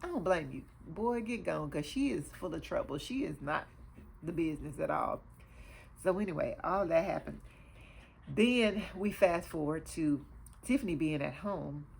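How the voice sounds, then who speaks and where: Chatty woman recapping a show, low voice. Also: moderate pace, creaky, breathy edge. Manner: chatty, animated retelling with many fillers. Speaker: TV show reviewer, host. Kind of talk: casual episode recap.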